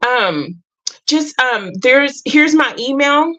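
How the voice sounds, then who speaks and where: A woman's voice: sits high, animated, slow, fairly bright tone, muffled recording. A middle-aged woman hosting a casual livestream. She talks straight to her viewers, earnest and emotional. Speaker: livestream host.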